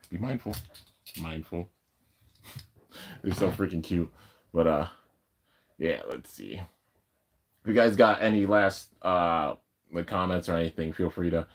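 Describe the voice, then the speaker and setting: A man chatting casually on a live stream at home, rambling excitedly with lots of filler words. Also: deep voice. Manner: rambling and excited, heavy use of "like". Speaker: YouTuber reacting to an anime episode. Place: at home with his dogs.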